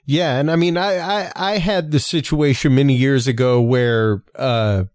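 A man's voice: medium pitch, measured pace, a little mellow, no room sound, clean studio sound. A man hosting a casual interview, asking questions hesitantly and searching for words. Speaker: podcast host.

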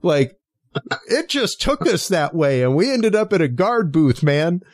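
A man with a fairly high voice tells stories in lively casual chat, laughing as he goes and leaning on filler words. The sound is dry and close, with no room around it. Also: a little slow, no echo. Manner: animated storyteller, laughs often, says like a lot.

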